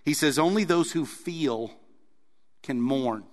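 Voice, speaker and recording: A man preaching in an earnest voice that sits a little higher than most men's. He presses hard on key points and then eases down soft. The room around him rings with a long reverb. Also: takes it slowly. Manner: earnest, rising to emphatic stresses then dropping soft. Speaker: pastor. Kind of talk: sermon.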